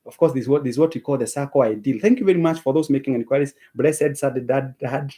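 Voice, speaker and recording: A man's voice: mid-range voice, quick pace, warm tone. A man with a Kenyan accent hosts a live stream and reads out viewers' names and comments, thanking each of them and slipping between English and Swahili. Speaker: livestream host reading viewer comments.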